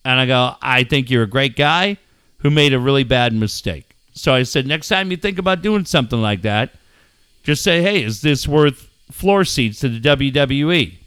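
A middle-aged man hosting a podcast, telling a story in casual, profane talk that rises into shouting. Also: medium pitch, expressive, normal speed, clean tone, no echo, studio quality. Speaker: podcast host.

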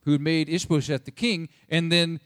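A young man with a slightly high voice retells a sermon story in a loose, slangy way. He keeps breaking into quick voices for the people in it. The sound is dry and close, with no room around it. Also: dry recording. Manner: animated, slangy, jumps into voices for quoted people. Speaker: preacher.

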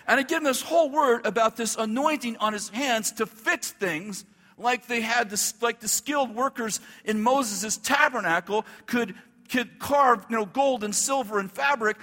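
A male pastor telling a story in a sermon, animated, acting out the dialogue and laughing as he goes. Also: very high voice, in a large hall.

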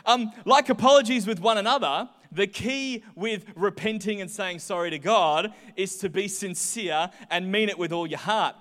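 Young male pastor, high voice, lively storyteller, long hall reverb. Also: normal speed, hardly any pauses. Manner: chatty, animated storytelling with voiced asides. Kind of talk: sermon with personal stories.

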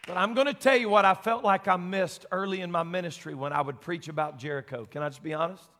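A middle-aged preacher, folksy and plainspoken, whose sermon moves between quiet talk and loud shouted exhortation. His voice is bright and fairly high, ringing with the long reverb of a church sanctuary. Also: quick pace. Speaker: senior pastor. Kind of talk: Pentecostal sermon.

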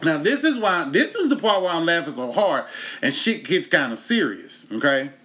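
A man from Texas with a slightly high voice at normal speed hosts a comedy show, working through a profane stand-up story. As host and comedian, he's lively in the telling and breaks into laughter.

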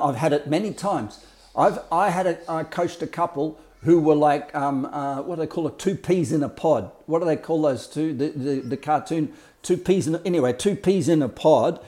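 A man's voice: a little high, a little mellow. A man talking as a life coach, explaining ideas in a blunt, colourful way with swearing and mimicked sounds. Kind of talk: casual explanatory talk.

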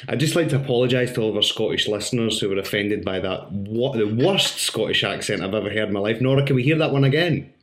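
A man's voice: on the low side, fast talker, few pauses, a bit bright. Dry-joking male podcast host. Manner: dry teasing humour. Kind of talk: casual podcast interview. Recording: echoey room.

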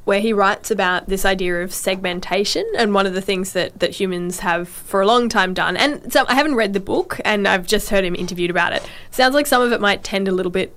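Woman cohost thinking out loud, lots of "like" and "you know", mid pitch. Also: brisk, hardly any pauses. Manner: thoughtful, hedging, many fillers. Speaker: podcast co-host. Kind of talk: casual academic discussion.

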